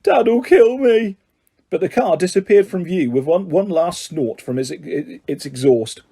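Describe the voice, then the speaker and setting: A man narrating an audiobook in an expressive, dramatic reading style. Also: a little high, normal speed, slightly rough. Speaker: audiobook reader. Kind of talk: scripted storybook narration.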